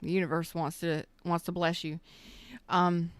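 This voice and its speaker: A woman reading tarot on a live stream, emotional and choked up, talking slowly and soothingly with halting pauses. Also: lowish voice, level tone, clean tone, no room sound. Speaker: tarot reader.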